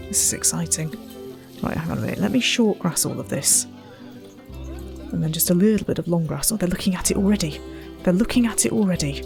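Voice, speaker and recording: Woman, let's play commentary, lively swooping pitch, muttered asides, faint music behind. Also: normal speed. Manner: chatty, self-mocking, muttering to herself and the animals. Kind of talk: casual gameplay commentary.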